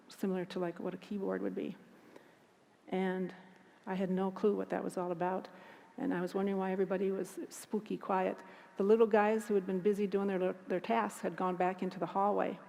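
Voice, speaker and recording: A woman speaking at a conference. She tells a personal story in an earnest, halting way with frequent restarts. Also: medium pitch, level tone, creaky, warm tone. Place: conference hall. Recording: long hall reverb.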